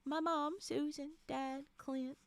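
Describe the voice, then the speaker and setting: A woman's voice: high voice, unhurried, a bit bright, no echo. A woman reading aloud as a friendly young man from a storybook, making polite, welcoming introductions.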